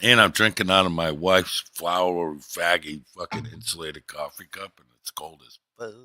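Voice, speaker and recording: Low-voiced man swearing through a rambling story. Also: fairly even intonation, normal speed, sharp tone, no echo. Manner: profane, rambling, loose. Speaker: livestreamer. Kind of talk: casual storytelling to chat.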